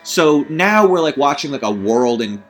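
A man's voice: fairly high pitch, sing-song, moderate pace, a bit bright, soft background music. A man ranting casually about a movie, rambling and profane, with sarcastic laughing asides. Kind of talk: casual comedic movie rant.

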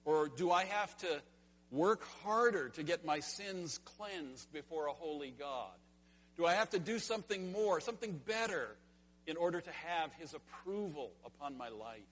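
A man's voice: a little high, lively intonation, moderate pace, fairly bright tone. A man preaching a sermon as pastor, earnest and rhetorical, repeating key phrases and asking the congregation questions. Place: church sanctuary. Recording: long hall reverb.

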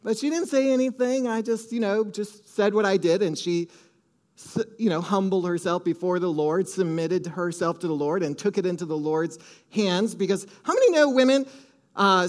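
A man preaching a sermon, telling a story with lively swings between hushed asides and loud excited exclamations, calling out to the congregation. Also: high voice, normal speed. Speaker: pastor. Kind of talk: sermon with audience call-and-response.

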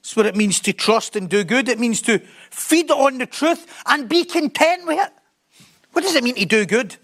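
A man's voice: extremely high pitch, lively intonation, normal speed, fairly bright tone. A man preaching a sermon in a conversational way, often laughing and joking at his own expense.

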